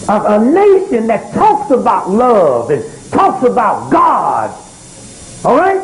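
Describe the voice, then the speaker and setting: A man speaking to a live audience in a high voice that swoops through a wide range. He works the room like a preacher, throwing out "right?" and "you got that?" between points. Faint hiss sits under the recording. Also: a little mellow, low-quality recording. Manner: preacherly call-and-response, repeatedly asking "right?". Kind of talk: live social commentary talk.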